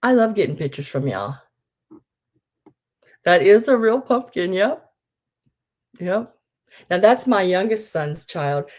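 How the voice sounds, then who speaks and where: A woman's voice: medium pitch, big pitch swings, slow, long pauses, darkish tone. A middle-aged woman, chatting casually on a live sale stream, gushing and trailing off with ums.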